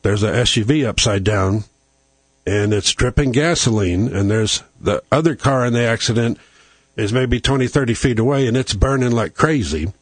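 A man's voice: medium pitch, husky, no room sound. A man hosting a talk show, telling a long rambling story in a casual way. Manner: rambling storyteller who acts out quoted lines.

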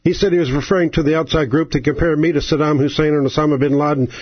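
A man's voice: a little high, fairly even intonation, racing, breathy edge, no echo. A man hosting a talk radio show, ranting in an angry, sarcastic, exasperated way. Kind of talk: political radio rant. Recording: lo-fi, dry radio sound.

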